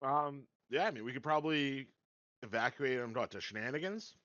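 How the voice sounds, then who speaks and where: A man's voice: medium pitch, animated, normal speed, fairly bright tone, no echo. A man playing a tabletop game who jokes casually and laughs often. His mic sounds dull and lo-fi. The sound is dry, with no room around it. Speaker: player.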